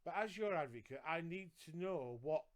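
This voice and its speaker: Brief: man, podcast co-host, earnest, slightly high voice, drives his points home by repeating them. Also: animated, moderate pace. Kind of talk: casual live podcast chat.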